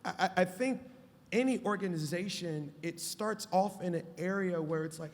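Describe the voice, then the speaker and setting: A man's voice: high-pitched, normal speed. A male pastor speaking on a live conference panel with an emphatic, preacher-like cadence. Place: conference stage before a live audience. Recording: long reverb of a large hall.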